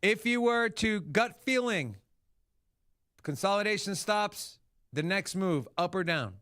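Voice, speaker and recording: A man hosting a crypto livestream, talking casually and excitably, swearing freely. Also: sits high, unhurried, dry recording, clean studio sound. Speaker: crypto show host. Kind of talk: livestream market commentary.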